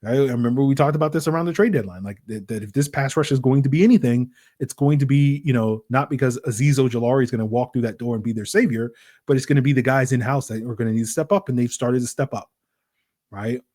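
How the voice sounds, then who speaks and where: A man hosting a solo sports podcast, talking in an animated, rambling way with lots of fillers and rhetorical "right?" questions. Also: medium pitch, fast talker. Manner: acts out voices in quoted asides. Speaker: podcast host.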